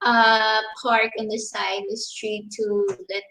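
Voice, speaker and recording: A woman with a fairly high voice co-hosts a casual livestream. She reads out comments haltingly and laughs shyly between lines. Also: flat delivery, bright, forceful tone, echoey room, a little hiss or hum, low-quality recording. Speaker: co-host.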